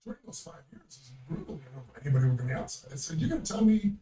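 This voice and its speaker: A man's voice: mid-range voice, expressive, very fast, warm tone, distant mic. An older man telling a story as a guest, in an emphatic, blunt way and swearing freely. He is recorded in a roomy space, away from the mic. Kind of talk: anecdotal storytelling.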